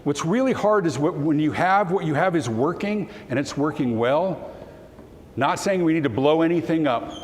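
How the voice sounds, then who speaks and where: A man giving a storytelling keynote talk to an audience, animated and at times choked with emotion as he acts out the dialogue. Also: medium pitch. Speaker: keynote speaker. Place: conference hall. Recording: hall reverb, faint room noise.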